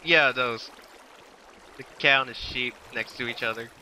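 A young man hosting a casual Let's Play, excitable and quick to yelp and laugh during gameplay. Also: mid-range voice, slight background noise, poor audio. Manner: excitable, yelps and laughs during game action.

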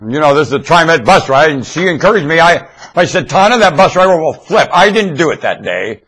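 A man's voice: a little high, very animated, brisk, fairly bright tone, breathy edge. A man rambling in a loose monologue to his webcam, stammering and repeating himself. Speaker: webcam vlogger. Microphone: webcam mic.

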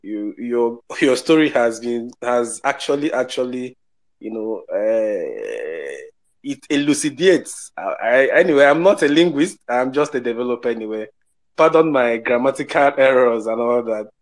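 Nigerian man with an apologetic, halting way of talking. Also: mid-range voice, lively intonation. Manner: apologetic, rambling with restarts. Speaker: participant. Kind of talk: casual live audio chat.

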